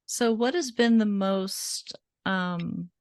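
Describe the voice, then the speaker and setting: A woman hosting a podcast interview, encouraging her guest with short reactions and relaxed follow-up questions. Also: mid-range voice, takes it slowly, no room sound. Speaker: podcast host. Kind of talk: casual interview.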